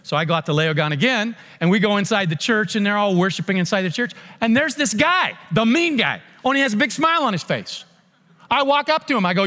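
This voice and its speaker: A man preaching a sermon, telling a mission story with animated, acted-out dialogue and frequent restarts. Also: sits high, a little fast, in a large hall. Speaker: pastor.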